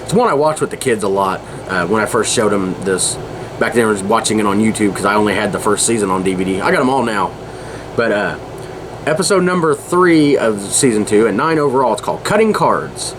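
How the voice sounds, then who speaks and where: A man's voice: fairly low pitch, animated, a little fast, background noise. A man in his forties hosting a casual podcast, rambling and chuckling often. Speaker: podcast host.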